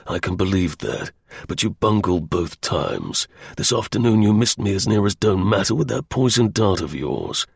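A man's voice: lowish voice, animated, normal speed, gravelly, slightly rough, dry recording, clean studio sound, heavily acted. A man voicing a stern male secret service agent who talks in clipped, threatening lines. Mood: menacing.

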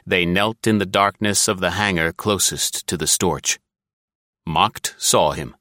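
A man narrating an audiobook in a steady, measured reading voice. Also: deep voice, no room sound, clean studio sound.

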